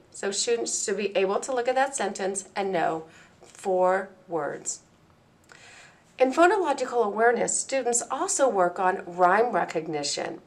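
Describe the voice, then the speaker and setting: A woman delivering a recorded training lesson for teachers. She speaks at a middle pitch in a clear, deliberate way and slows down whenever she models a word or a sound. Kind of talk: instructional presentation.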